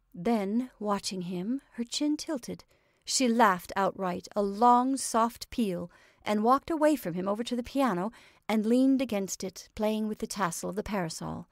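A woman storyteller reading a literary short story aloud in an expressive, varied way, with soft, whispered asides. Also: mid-range voice, measured pace, no room sound, clean studio sound. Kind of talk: scripted story narration.

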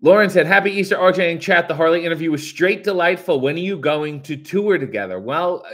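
A man's voice: fairly high pitch, fairly quick. Sarcastic man reading out chat comments. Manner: sarcastic, crude, mock-grumpy asides; reads comments in a brighter, louder voice. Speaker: host reading viewer comments. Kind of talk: casual live-stream chat.

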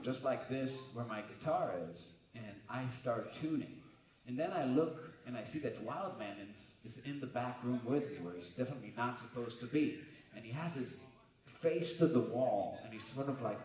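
Guitarist telling a crude story on stage. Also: male voice, medium pitch, normal speed. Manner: casual, swearing, animated storyteller. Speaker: guitarist in a live band. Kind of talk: comic story told on stage between songs. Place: on stage at a brewery music venue. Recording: roomy live venue from far off.

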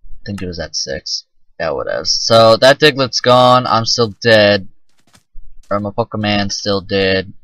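A man's voice: lowish voice, a little slow, a bit bright, no room sound, low-quality recording. A man casually commenting on his own gameplay, rambling and self-mocking and swearing often. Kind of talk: casual let's-play commentary.

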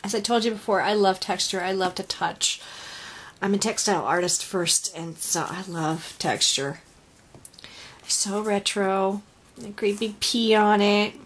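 A woman's voice: mid-range voice, unhurried. A woman crafter unboxing a handmade gift in a casual home vlog, gushing and emotional with many sighs and exclamations. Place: home craft room with dog nearby.

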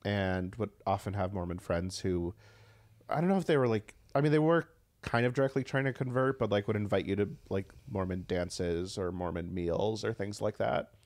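A man's voice: on the low side, normal speed, a little mellow. A man from Phoenix, a podcast guest, chatting casually with short, easygoing reactions. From Phoenix, Arizona. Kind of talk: casual chat.

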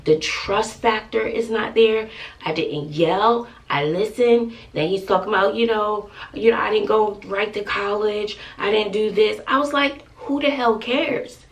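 A gravelly-voiced woman in her forties with a Texan accent vents to her vlog audience, emphatic and exasperated. Her voice sits a bit back from the microphone, with a rough fry running through it. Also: mid-range voice, measured pace, distant mic. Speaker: family vlogger. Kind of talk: venting to camera.

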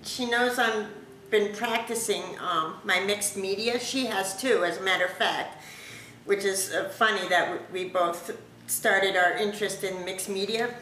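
A woman vlogger opening a craft package at home, gushing with thanks in a casual, excited chat. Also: medium pitch, unhurried. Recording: echoey room with background noise.

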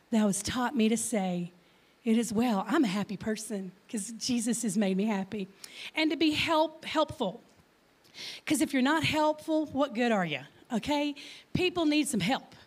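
Lively high-voiced Texan woman. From Texas. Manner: lively, chatty, jokes and audience questions, slight stutter. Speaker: guest speaker. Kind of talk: church talk to congregation. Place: church.

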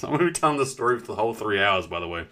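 Bright-voiced southern New Zealand man streaming. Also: on the low side, very animated, very fast. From South Island, New Zealand. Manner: rambling, chatty, greets viewers mid-story, swears casually. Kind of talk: casual live-stream chat while gaming.

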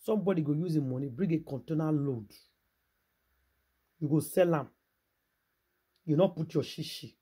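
With a husky, dark, highish voice, a Nigerian man talks in Pidgin English at a moderate pace broken by long pauses. He's a gossip vlogger delivering casual, sermon-like commentary, throwing rhetorical questions right at his viewers.

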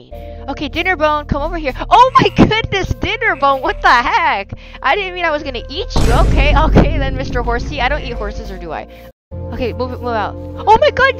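A woman hosting a gameplay video, chatting casually and crying out in excitement whenever danger strikes. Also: high-pitched, poor audio. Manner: excitable, yelps and cries of no at danger. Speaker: gaming video host. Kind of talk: casual Minecraft gameplay commentary.

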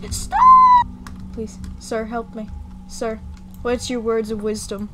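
Young female gaming creator, casual play-along commentary; excitable and playful, slightly high-pitched. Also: slow, very noisy. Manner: excitable, playful, gasps and mock panic.

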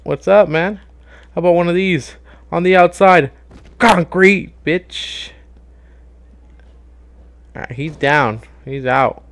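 A young man giving casual gameplay commentary as a YouTuber, excitable, swearing and yelling at the game. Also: on the high side, slow pace, pauses often. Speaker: gaming YouTuber.

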